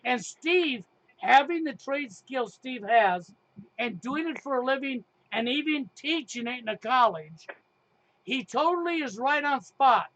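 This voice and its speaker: A middle-aged man hosts a heated talk show in a very high voice. He talks emphatically, with sarcasm and frequent swearing. The sound is dry, with no room echo. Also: expressive, unhurried, sharp tone, highs cut off. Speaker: podcast host.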